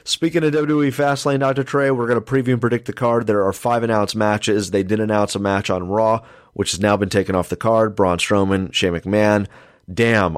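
A man hosting a wrestling podcast, running through match predictions in an announcer-like way. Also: lowish voice. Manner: announcer-like, addressing listeners as folks. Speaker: podcast host.

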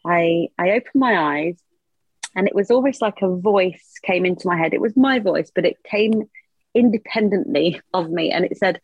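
A woman's voice: mid-range voice, lively intonation, moderate pace, husky, no echo, low-quality recording. A woman, a mother, telling a personal story as a podcast guest, earnest and open with a light laugh at times. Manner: earnest, open and emotional, laughs a little through hard memories.

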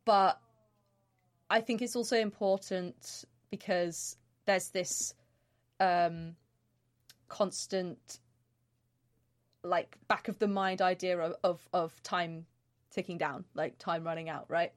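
A woman's voice: lowish voice, fairly even intonation, slow, pauses often. Hesitant young woman player. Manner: hesitant, thinking aloud with many fillers. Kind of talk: casual chat about a tabletop character.

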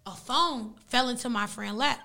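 A young woman whose first language is Arabic, casually retelling a story in an animated, slangy way as a podcast guest. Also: on the high side, moderate pace, creaky.

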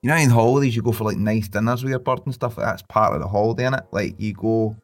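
A young man, co-hosting a podcast and telling stories about his baby in a sweary, laughing, animated chat. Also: on the low side, racing, faint music behind. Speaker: podcast co-host. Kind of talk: casual chat.

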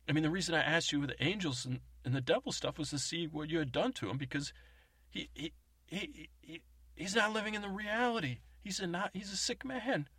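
A man's voice: a little high, no room sound, studio quality, voice pushed up, close to an everyday voice. A man voicing a worried, protective man who speaks earnestly with frequent stammers. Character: worried, protective man defending his friend.

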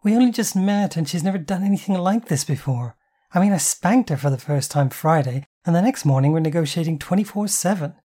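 A woman's voice: lowish voice, animated, fairly quick, warm tone, slightly rough, pitched above the performer's own voice. A reader doing Astrid, an anxious young woman. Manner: groaning, mumbling and unsure.

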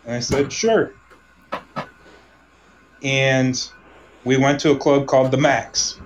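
A man from Omaha telling a personal story in casual conversation, rambling, restarting sentences and trailing off softly. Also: mid-range voice, steady tone, takes it slowly, low-quality recording.

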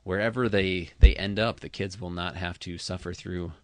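Low-voiced man in casual podcast chat. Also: fairly even intonation, moderate pace, darkish tone, dry recording. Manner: rambling, dry, lots of ums. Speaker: podcast co-host.

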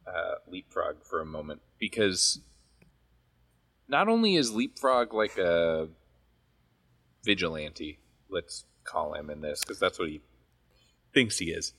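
Podcast co-host, man, very low voice, chatty and animated. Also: slow pace, long pauses, husky. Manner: chatty, animated storytelling with laughs. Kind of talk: casual chat.

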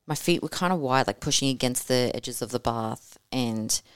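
A woman with a low voice tells her birth story in a casual, animated way. She swears easily and acts out her own past words. The sound is dry and close. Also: normal speed, clear, resonant tone, dry recording. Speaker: podcast guest telling her birth story.

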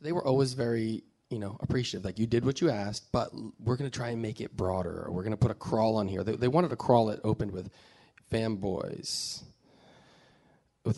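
Casting note: man in casual chat, lively storyteller, swears and laughs through his anecdotes. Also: lowish voice, a little fast. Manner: animated, swearing, laughing while telling anecdotes. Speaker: film director.

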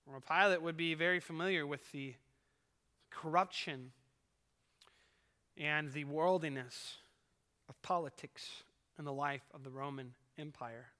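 A pastor preaching to his church, his voice high for a man and very bright and forceful. He delivers the sermon earnestly, letting his volume climb and fall. The sound carries a long echo from the church hall. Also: unhurried, long pauses. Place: church sanctuary.

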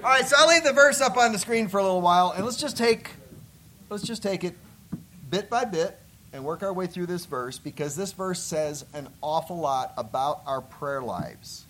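A man's voice: high-pitched, lively intonation, normal speed, pushed and bright. A man preaching as a missionary, folksy and joking as he tells stories from the pulpit. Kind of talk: sermon with stories.

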